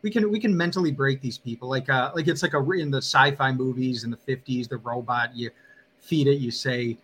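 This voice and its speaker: A man's voice: medium pitch, brisk, a bit bright, a little hiss or hum. A man who used to teach history, a guest in a casual interview, speaking in a joking, fired-up, plain-spoken way.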